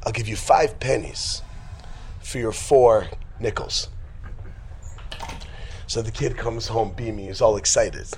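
A man's voice: on the low side, darkish tone, slight background noise. A man teaching a group in an informal religious talk. He jokes and wanders off topic, then rises to an emphatic preaching tone. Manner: joking, digressive, quick to laugh. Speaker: teacher leading a class.

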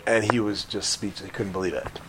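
A man telling a story casually to a group, animated, with frequent restarts and quick asides. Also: fairly low pitch, background noise.

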